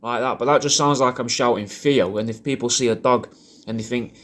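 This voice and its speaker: English bloke rambling crude and deadpan, lots of swearing, mid-pitched. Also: male voice, a little fast. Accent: English regional. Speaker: comedic character doing a personalised video message. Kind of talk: rambling comic monologue.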